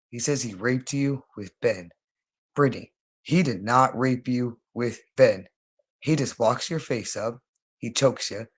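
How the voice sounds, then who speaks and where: A man's voice: medium pitch, slightly rough. A man talking straight to the listener in a rambling monologue, urgent and pleading, repeating the same phrases over and over. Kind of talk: rambling direct-to-camera monologue.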